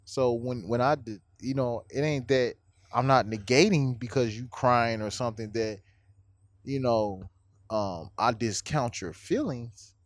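A man's voice: medium pitch, dry recording. A man, talking casually, asking probing questions and often calling his friend "bro". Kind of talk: casual conversation.

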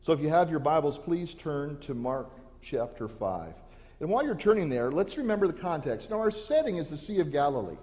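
A man's voice: fairly high pitch, very animated, a little fast, darkish tone, long reverb tail. A pastor preaching a sermon to his church, earnest and given to restarting his phrases. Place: church sanctuary.

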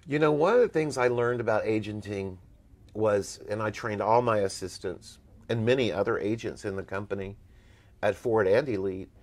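A man's voice: on the low side, moderate pace. Blunt, emphatic male storyteller. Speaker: former talent agent. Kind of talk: storytelling interview guest.

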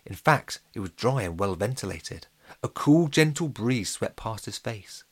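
A man narrating a children's adventure story in a steady, gently expressive way. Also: on the low side, measured pace, breathy edge.

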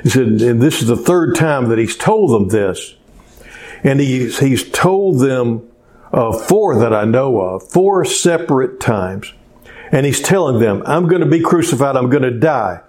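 A man's voice: medium pitch, expressive, slow pace, a little mellow. A male pastor preaching a folksy, conversational sermon full of rhetorical questions to his congregation.

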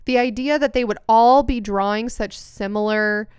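A woman's voice: fairly high pitch, moderate pace, darkish tone, clean tone, dry recording. A young woman co-hosting a podcast, telling rambling stories in casual chat and swearing freely. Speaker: podcast co-host.

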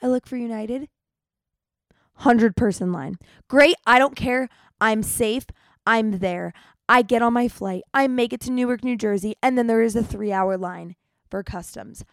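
A young woman hosting a podcast, telling stories in an animated, chatty way, with dramatic retellings. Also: fairly high pitch, a little slow, creaky, no echo. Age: young adult. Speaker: podcast host. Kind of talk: casual storytelling monologue.

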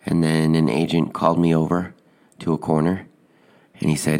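A man telling a personal anecdote in a deadpan, hesitant way, with frequent fillers. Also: very deep voice, normal speed. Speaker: storyteller.

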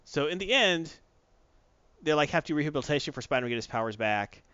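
A man's voice: fairly high pitch, lively intonation, fast talker, sharp tone, clear, resonant tone, no echo, dull audio. A man in casual chat, recapping a comic book plot with mocking put-on voices for the characters. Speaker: comic book podcast co-host.

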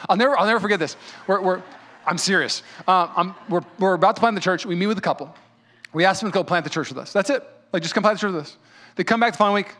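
Man, pastor, sermon, fervent fired-up delivery, quick repeats, high-pitched. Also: fairly bright tone.

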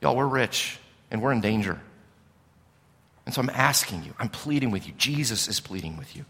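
A man's voice: mid-range voice, expressive, moderate pace, a bit bright, in a large hall. A male pastor preaching a sermon in an earnest, pleading, emphatic way, with rhetorical questions.

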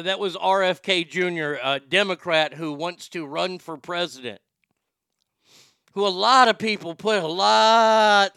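Bright, crisp-voiced man riffing casually. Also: a little high, dry recording, studio quality. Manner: rambling, sighing, swearing. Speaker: streamer reacting to clips. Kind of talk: casual commentary.

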